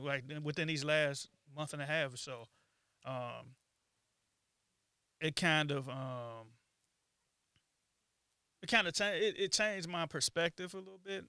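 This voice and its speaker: A man co-hosting a podcast, speaking in casual chat with a reflective, halting manner full of ums and restarts. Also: a little high, bright, forceful tone, smooth, no room sound, clean studio sound. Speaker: podcast co-host.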